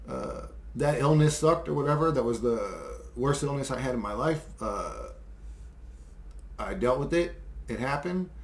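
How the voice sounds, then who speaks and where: Exasperated man ranting in an echoey room. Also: a little high. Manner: profane, rambling, exasperated, with frequent fillers and laughs. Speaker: solo video creator. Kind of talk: casual monologue rant.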